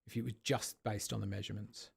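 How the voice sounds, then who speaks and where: A man's voice: on the low side, little pitch movement, fast, vocal fry, breathy edge. A man hosting a casual online debate, arguing in long, rambling runs of rhetorical questions. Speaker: host of an online discussion.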